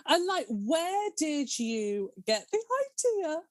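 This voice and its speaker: A woman's voice: high voice, very animated, slow pace, no room sound. A woman hosting a casual podcast interview, often laughing and responding. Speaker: podcast host.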